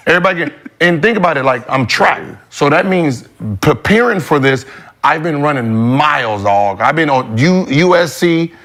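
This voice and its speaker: Podcast host, man, slightly high voice, profane and animated storyteller. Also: normal speed. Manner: profane, emphatic, mimics others' voices. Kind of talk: animated storytelling in casual chat.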